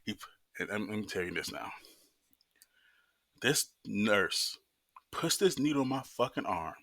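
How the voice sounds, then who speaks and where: Man, storytime vlog, lively up-and-down delivery, bright voice, low pitch, swears a lot. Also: unhurried. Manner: animated, swearing, acts out quotes with high-pitched voices. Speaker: vlogger telling a story.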